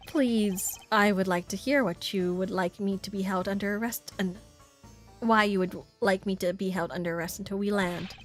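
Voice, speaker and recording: A reserved, dry-witted prosecutor, voiced by a woman who speaks in a lowered, restrained tone. He stays measured and cool. Soft music runs faintly underneath. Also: natural voice. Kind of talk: reading game dialogue aloud on stream.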